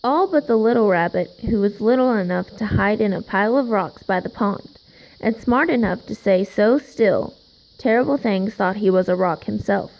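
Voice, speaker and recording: Storybook reader: woman, gravelly low fry in her voice, slow and gentle delivery. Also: poor audio. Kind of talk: reading a picture book aloud.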